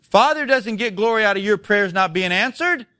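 A male pastor preaching a sermon in church, emphatic and full of rhetorical questions, swinging between loud and soft. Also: high voice, expressive, normal speed, clean tone, no echo, clean studio sound.

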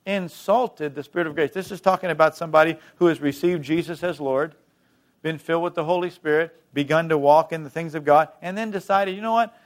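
Brief: male pastor mid-sermon, slightly high voice, emphatic, from booming to hushed. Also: steady tone, brisk.

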